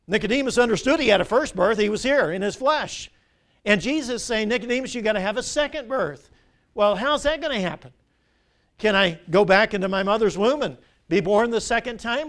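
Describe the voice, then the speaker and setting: High-voiced older pastor preaching. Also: male voice. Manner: preaching with call-and-response questions to the congregation. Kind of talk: sermon. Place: church sanctuary.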